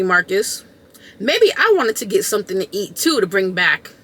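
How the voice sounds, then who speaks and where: A woman content creator telling a storytime vlog, animated and emphatic, in a casual slangy way that repeats points for effect. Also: medium pitch, measured pace.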